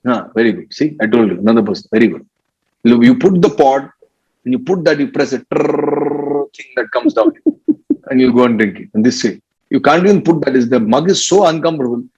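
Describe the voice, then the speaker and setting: A man's voice: mid-range voice, expressive, brisk, darkish tone, breathy edge. A man with an Indian English accent giving an informal spiritual talk as a guru, playful and teasing, often laughing and mimicking people, in a dull lo-fi recording. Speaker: spiritual teacher.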